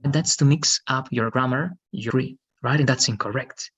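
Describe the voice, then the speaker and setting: A man's voice: mid-range voice, moderate pace, a bit bright, slightly rough. A man teaching an online English lesson, patiently explaining and often checking with "right?". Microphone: video call.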